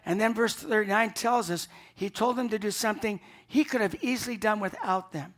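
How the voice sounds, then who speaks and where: A man's voice: high-pitched, a little fast, fairly bright tone. Earnest preacher man mid-sermon. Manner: earnest, emphatic, repeats himself when building a point. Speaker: pastor. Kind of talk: Easter morning sermon.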